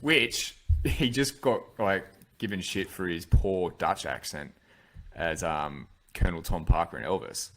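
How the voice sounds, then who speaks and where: Deep-voiced man, rambling casual chat. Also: measured pace, a bit bright. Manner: rambling, loose, lots of "like" and restarts. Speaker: podcast host. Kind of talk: casual film review chat.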